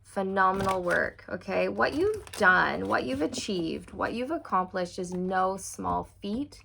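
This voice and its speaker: A woman reading tarot for her viewers. She sounds excitable and encouraging, speaks straight to the viewer, and often breaks into squeals and laughter. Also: medium pitch, measured pace, vocal fry, a little hiss or hum. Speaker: tarot reader.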